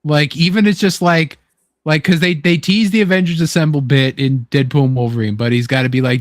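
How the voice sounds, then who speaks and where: A young man hosting a casual chat, excitable and swearing freely, acting out quotes as he talks. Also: medium pitch, normal speed, no room sound, clean studio sound. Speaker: podcast host.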